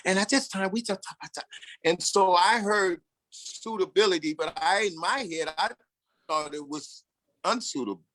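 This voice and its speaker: An earnest man in his sixties with a somewhat high voice tells his own story plainly and candidly. The sound is dry and close, with no room around it. He slips into the voices of the people he met along the way. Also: moderate pace, a bit bright, dry recording. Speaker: formerly incarcerated speaker. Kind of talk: personal storytelling talk.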